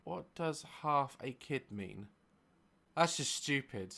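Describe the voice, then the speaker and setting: A woman reacting to a clip with sarcastic, joking commentary. Her voice is bright and lively, rising and falling a lot as she riffs in disbelief. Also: extremely low pitch, slow, creaky. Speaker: reaction video host.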